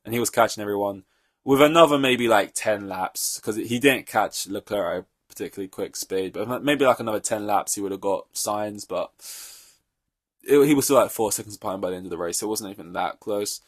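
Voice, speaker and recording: A man's voice: on the low side, brisk, no echo, studio quality. A young man hosting a solo podcast, reacting to a race in an offhand, rambling way, swearing freely. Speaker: podcast host.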